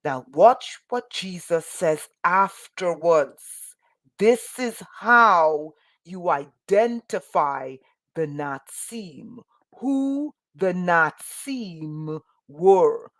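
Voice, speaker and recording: Woman teacher leading a Bible lesson, slow, deliberate delivery, gets passionate and keeps asking rhetorical questions. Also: on the low side. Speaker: teacher of a spiritual school.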